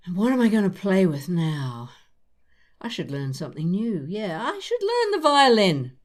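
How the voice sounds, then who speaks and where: An older woman hosting a podcast, chatting with an old friend in a gentle, reassuring, reflective way. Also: mid-range voice, very animated, moderate pace. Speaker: podcast host. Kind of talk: casual chat between old friends.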